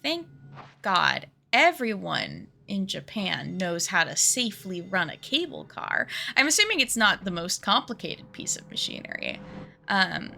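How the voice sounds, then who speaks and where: A woman streamer chatting casually while she plays a game, talkative and self-mocking and quick to laugh. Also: medium pitch, big pitch swings, creaky, pushed and bright, a little hiss or hum. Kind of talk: casual live-stream chat while gaming.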